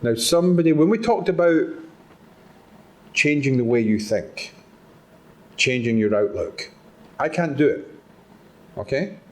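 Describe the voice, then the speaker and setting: Speaking at a conference hall, a Scottish presenter gets his audience involved in an engaging live talk. His darkish voice is medium-pitched with lively intonation, a little slow, with frequent pauses.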